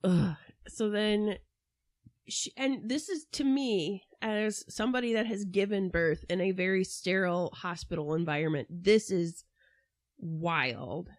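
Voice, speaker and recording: A woman co-hosting a casual true-crime podcast, talking in an animated way with mocking asides about the people in the case. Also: medium pitch, a little slow, no echo, studio quality. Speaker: podcast co-host.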